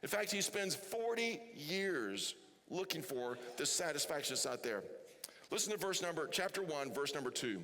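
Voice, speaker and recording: A man's voice: on the high side, very animated, normal speed, sharp tone, long reverb tail. A man preaching a sermon as pastor, chatty and often asking the congregation questions. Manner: chatty, asks the crowd questions. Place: church hall.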